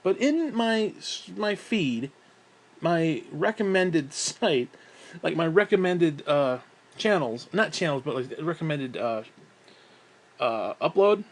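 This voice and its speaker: A young man talks straight to the camera in a loose, rambling vlog, his voice sitting a little higher than most men's. He swears freely and trails off into laughs and sighs as he tells his story. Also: big pitch swings, slow. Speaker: vlogger. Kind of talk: rambling casual monologue.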